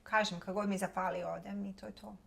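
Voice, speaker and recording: A woman's voice: mid-range voice, fairly even intonation, fast, creaky. A woman with a Croatian accent hosting a podcast, reflecting in casual chat. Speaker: podcast host.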